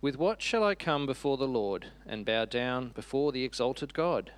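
A man voicing a sweet little girl who reads a scripture passage slowly and carefully. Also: mid-range voice, animated, close to an everyday voice. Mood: earnest. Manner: slow, careful reading.

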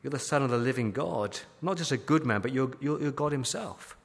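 A man's voice: medium pitch, expressive, brisk, creaky, slightly rough. A man preaching a sermon as pastor, emphatic, asking repeated rhetorical questions. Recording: long hall reverb.

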